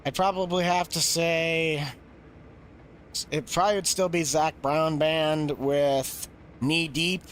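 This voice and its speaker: A man's voice: fairly high pitch, fairly even intonation, slow pace, a bit bright, slight background noise. A man streaming a game live, chatting casually and answering questions from chat.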